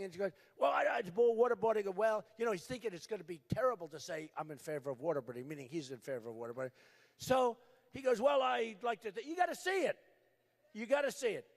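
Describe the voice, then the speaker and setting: An older man giving a campaign rally speech at a podium microphone, repetitive and emphatic, shouting at times. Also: extremely high pitch. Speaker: political candidate. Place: large rally venue.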